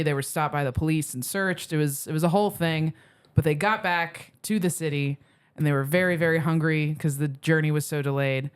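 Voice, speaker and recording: Woman comedian, podcast guest, clear smooth voice, meandering casual storyteller. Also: low-pitched. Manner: rambling anecdote full of "like" and "um" fillers.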